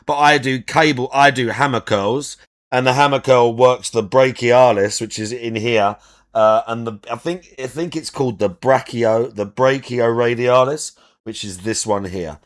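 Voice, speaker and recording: A man's voice: mid-range voice, measured pace. A man with a mid-range voice gives reaction commentary, pointing out details and explaining at length. He restarts and rambles as he picks things apart. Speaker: reaction host.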